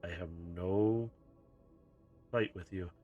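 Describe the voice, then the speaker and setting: A man voicing a careful female robot warrior who talks slowly and quietly. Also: lowish voice, fairly even intonation, highs cut off, soft background music. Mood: calm, careful. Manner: slow, measured, quiet.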